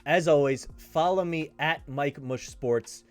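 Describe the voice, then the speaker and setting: A man's voice: fairly high pitch, slow, faint music behind. A man hosting his own sports betting show, talking casually and hammering his points home by repeating them. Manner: emphatic, repeats himself for stress. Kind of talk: casual betting picks talk.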